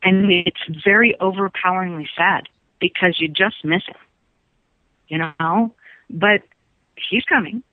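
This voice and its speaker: A woman's voice: lowish voice, fairly even intonation, a little slow, pauses often, no room sound. A woman psychic speaking on a call-in radio show, emphatic and repetitive, often laughing. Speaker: psychic guest. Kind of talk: phone-in psychic reading. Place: phone call into radio studio. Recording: tinny phone line.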